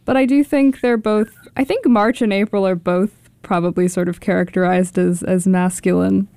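A woman's voice: mid-range voice, steady tone, normal speed, gravelly, dark tone, smooth, no room sound. A woman reading poems aloud expressively and chatting about them. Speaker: poetry reader. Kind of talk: poetry reading.

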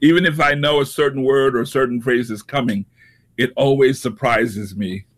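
A man's voice: medium pitch, normal speed. Give me a hesitant male host chatting about poems, full of fillers. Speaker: radio poetry show host. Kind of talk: casual chat.

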